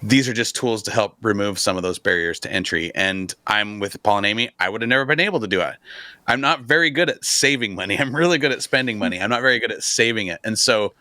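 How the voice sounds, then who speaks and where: A man co-hosting a podcast, speaking frankly and poking fun at himself. His voice is lowish yet bright and forceful. The sound is dry and close, with no room echo. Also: quick pace. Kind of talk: casual chat.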